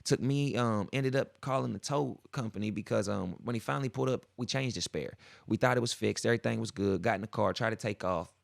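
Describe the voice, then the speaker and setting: A man's voice: on the low side, brisk, gravelly, dry recording, clean studio sound. A young man hosting a podcast, telling a long story in casual slang and acting out what people said. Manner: slangy, animated, acts out quoted voices. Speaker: podcast host.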